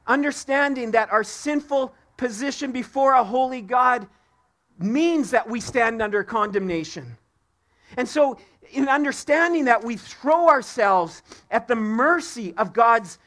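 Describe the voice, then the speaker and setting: A man's voice: very high voice, fairly bright tone. A man preaching a live sermon as pastor in a church, emphatic and repeating key words for stress. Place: church sanctuary.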